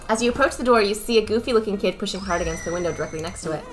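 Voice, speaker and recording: A young woman streamer reading a game's text aloud, casual with joking asides. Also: mid-range voice.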